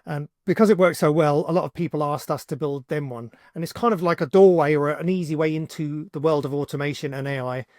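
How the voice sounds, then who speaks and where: A man hosting a software tutorial, talking casually and thinking aloud with fillers as he builds something on screen. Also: a little high, quick pace, few pauses, no echo, clean studio sound. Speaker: tutorial host, agency owner.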